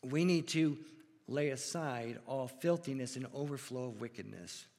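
A man preaching a sermon as pastor in a church, earnest and deliberate, asking his congregation rhetorical questions. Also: medium pitch, a little mellow, long reverb tail.

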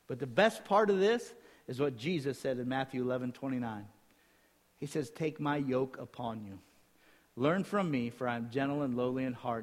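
Male preacher, high-pitched, fervent sermon delivery that swells and falls, reverberant hall sound. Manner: impassioned, rising to near shouting then dropping low to read scripture.

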